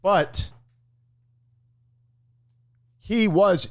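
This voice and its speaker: Middle-aged male co-host, hoarse from a cold, rambling and self-mocking, lively fairly high voice. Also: normal speed. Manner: joking, rambling, self-deprecating. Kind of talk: casual chat.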